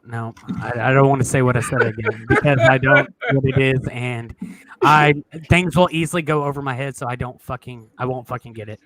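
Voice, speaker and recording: A man's voice: medium pitch, fairly even intonation, fairly quick, fairly bright tone. A man from Canada hosting a casual group chat, swearing and laughing at himself as he talks. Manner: swearing, laughing, self-mocking. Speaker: livestream host.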